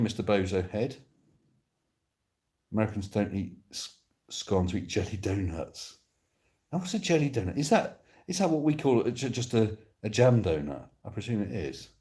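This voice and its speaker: A man's voice: on the low side, dark tone. Chatty, playful man from Devon. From Devon, England. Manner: chatty and playful, jokey asides to viewers. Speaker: live streamer. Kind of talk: casual live stream chat, reading comments aloud. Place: indoors on a sofa. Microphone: phone.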